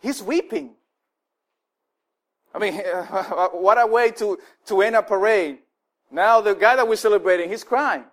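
Guy preaching a sermon, pretty high voice, chatty, lots of "like" and "you know", acts out the quotes. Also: normal speed. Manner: conversational preaching with frequent fillers and restarts; animated, acts out the people he quotes. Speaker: pastor.

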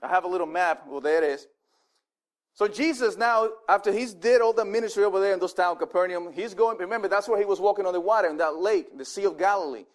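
High-voiced man preaching animatedly. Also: quick pace. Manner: animated, conversational preaching with repeated restarts. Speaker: pastor. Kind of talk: sermon.

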